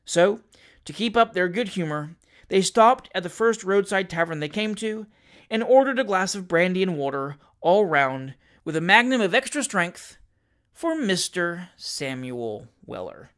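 A man reading a classic novel aloud in a measured, expressive storytelling manner. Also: sits high. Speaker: audiobook reader.

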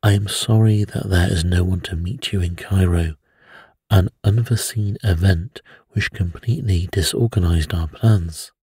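A man reading a bedtime story voices a grave, steadfast British museum expert who speaks in a measured, formal way. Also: sits low, dark tone, slightly rough, dry recording, studio quality, heavily acted.

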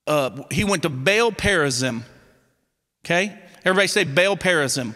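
A man preaching in a high voice with a Southern Missouri accent, folksy and animated, often restarting his lines. His tone is bright and forceful, and it rings through a reverberant church hall. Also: normal speed. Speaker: pastor. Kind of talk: sermon. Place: church sanctuary.

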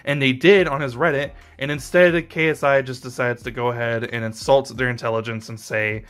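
Young male commentator, mid-pitched voice, ranting and rambling, lots of swearing and fillers. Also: fairly even intonation, fairly quick, few pauses, a bit bright. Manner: frustrated, profane, rambling with fillers. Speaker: YouTube commentator.

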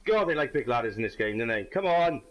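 A man commenting on his own gameplay, swearing and shouting in frustration at enemies. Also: medium pitch, big pitch swings, fast. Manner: sweary, frustrated outbursts at the game. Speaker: gamer. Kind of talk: let's play commentary.

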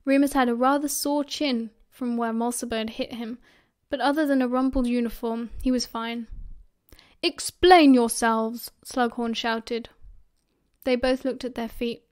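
A woman with a British accent narrating an audiobook in a steady, expressive storytelling manner. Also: fairly high pitch, moderate pace. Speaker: audiobook reader.

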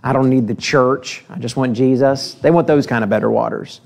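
A preacher with a creaky, mid-range voice reads scripture aloud in a church, acting out the characters with lively voices at a moderate pace. Afterward he addresses the congregation plainly and asks them direct questions.

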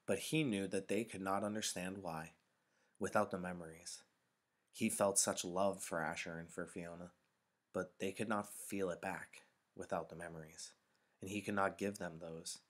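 A man, a teacher, reading a novel aloud in a calm, measured storytelling voice. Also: deep voice. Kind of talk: novel read-aloud narration.

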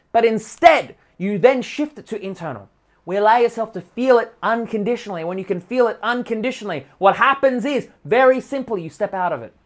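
A woman dating coach giving a passionate, swearing motivational rant to camera. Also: mid-range voice. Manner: passionate, swears freely, mimics complainers.

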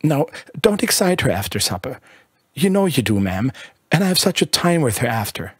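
A prim, possessive older nanny in a storybook reading, put on by a man. She keeps her voice low and hushed and tuts her disapproval. The tone is husky and the recording dry and close. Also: sing-song, normal speed, no echo. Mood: reproving.

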